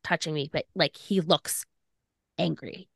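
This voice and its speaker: Her voice is low, gravelly and husky, and she speaks at a measured pace in a dry, studio-quality recording. This young podcast co-host animatedly relates a personal story, peppering it with "like" and performing the quotes she recounts.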